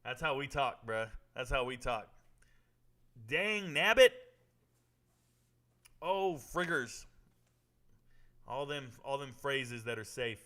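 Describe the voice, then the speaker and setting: A man's voice: mid-range voice, fairly even intonation, normal speed, hardly any pauses, bright, forceful tone. Joking man riffing to his stream chat. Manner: joking, repeats himself, talks straight to chat. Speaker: streamer reacting to live fights. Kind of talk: casual live-stream commentary.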